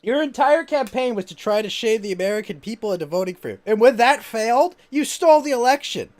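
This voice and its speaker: A woman ranting animatedly, swinging her pitch wildly up and down. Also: fast. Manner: animated ranting, swearing, frequent laughs. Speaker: stream co-host. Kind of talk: casual political banter on a live stream.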